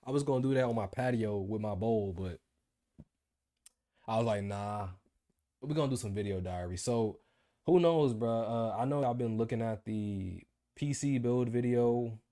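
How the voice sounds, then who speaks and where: A man's voice: mid-range voice, moderate pace, dark tone. A man in his twenties ranting about his job in a casual video diary, telling the story with slang. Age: 20s. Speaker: vlogger.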